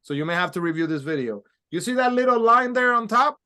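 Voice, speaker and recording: A man's voice: high voice, animated, fast, bright, forceful tone, smooth. A man teaching a pronunciation class, patiently explaining step by step and modeling sounds for learners to repeat. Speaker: Spanish teacher. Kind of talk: recorded language lesson.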